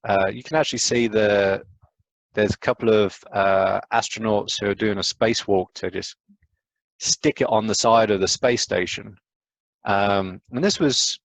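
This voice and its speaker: A man giving an enthusiastic live science lecture over a video call, talking quickly with lots of fillers and asides. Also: fairly low pitch, creaky, no room sound, poor audio. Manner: enthusiastic, fast, rambling with fillers.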